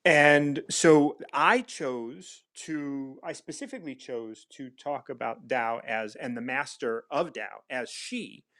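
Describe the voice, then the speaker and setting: A man's voice: medium pitch, takes it slowly, few pauses, fairly bright tone. A man hosting a casual spiritual discussion, talking thoughtfully with frequent restarts. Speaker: recovery mentor and host.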